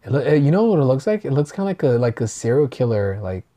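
A woman's voice: a bass voice, big pitch swings, quick pace, warm tone. A young woman hosting a podcast, telling stories in loose, profane casual chat with lots of laughter. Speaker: podcast host.

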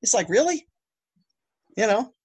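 Animated husky-voiced man on a podcast. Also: extremely high pitch, measured pace. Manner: animated, rhetorical, exasperated asides. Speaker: guest, former child actor. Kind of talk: casual podcast conversation.

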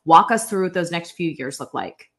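A woman host with a lower voice leads an interview conversation. She asks curious follow-up questions, reacts openly to what she hears, and encourages her guest. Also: lively intonation, moderate pace, a bit bright. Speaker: podcast host.

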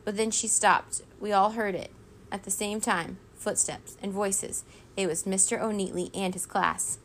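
A woman reading a children's storybook aloud in a steady, expressive way. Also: medium pitch, measured pace, slight background noise. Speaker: reader.

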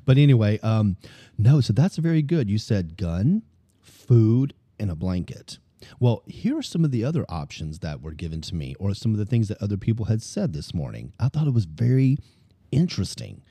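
An animated Cajun man with a Louisiana accent chats as a podcast host. His voice is low and very dark, and his pitch swings widely. The recording is dry and close. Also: moderate pace, breathy edge, dry recording. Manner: animated, chatty, talks with his hands. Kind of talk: casual chat.

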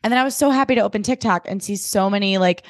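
A woman's voice: mid-range voice, racing, dry recording. Woman co-host, casual storyteller, emphatic and profane, dry close sound. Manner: chatty, emphatic, swears freely. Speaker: podcast co-host. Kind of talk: casual chat.

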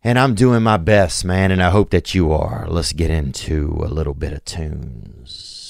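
A man hosting a show, telling a story in a meandering, halting way full of fillers and restarts. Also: very deep voice, gravelly, no echo, clean studio sound. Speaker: podcast host. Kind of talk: rambling comic monologue.

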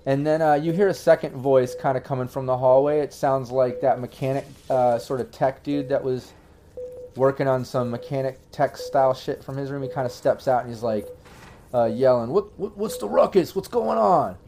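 A man's voice: mid-range voice, little pitch movement, normal speed, dark tone, slight background noise. A man narrating as game master, rambling along with many fillers and restarts.

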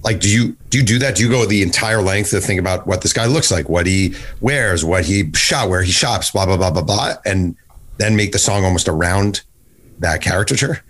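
A man hosting a podcast interview, blunt and excitable, swearing and repeating himself as he pitches an idea. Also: fairly quick, husky. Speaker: podcast host. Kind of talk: casual interview chat.

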